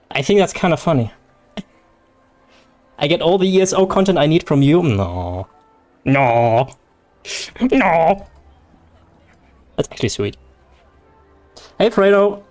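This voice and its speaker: A young man with a slightly high, somewhat mellow voice chats casually as a game streamer, and German is his first language. His livestream talk rambles, full of jokes and frequent laughter.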